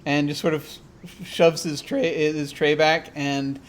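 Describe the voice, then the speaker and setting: A man acting as game master, narrating a tabletop role-playing game in a halting, rambling way with many fillers. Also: a little high, little pitch movement.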